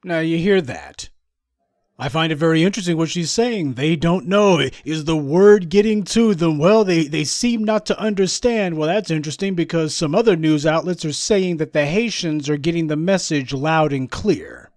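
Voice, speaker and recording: Sarcastic man, higher voice, dry sound. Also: moderate pace, darkish tone, dry recording. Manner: sarcastic, mocking, acts out voices of others. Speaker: political commentator. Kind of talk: monologue commentary on news clips.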